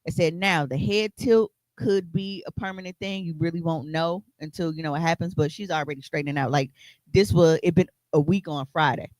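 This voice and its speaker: A man with a slightly high voice chats casually on a podcast, rambling through a story with fillers and cursing. His voice sits close and dry, with no room sound around it. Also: steady tone, a little fast, no echo. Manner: loose, profane storytelling with many fillers. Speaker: podcast co-host.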